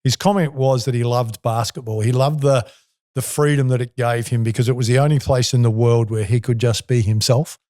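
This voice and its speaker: A man's voice: medium pitch, fairly quick, no echo, clean studio sound. A man in his sixties with an Australian accent, a former athlete telling colourful stories as the guest in a podcast interview. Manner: animated, colourful storyteller. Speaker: guest, former basketball player.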